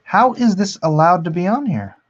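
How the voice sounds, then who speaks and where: A man's voice: sits high, moderate pace, highs cut off. A man hosting a drawing livestream, chatting casually with viewers and reading the chat aloud with amusement. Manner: relaxed, chatty, reads the chat aloud and laughs at it.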